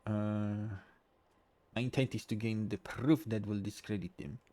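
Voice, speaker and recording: A man's voice: fairly low pitch, steady tone, a little slow, mellow, no room sound, natural voice. A man voicing a formal, polite male French academic who hunts frauds, with a put-on French accent, reading game dialogue aloud. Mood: courteous.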